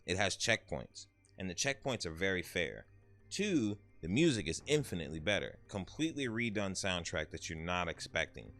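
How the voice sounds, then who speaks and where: A man in his thirties chatting casually about games he beat, telling stories in an animated way with some swearing. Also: low-pitched. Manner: animated storytelling, swearing, quick asides. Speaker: gaming YouTuber. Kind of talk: casual game review chat.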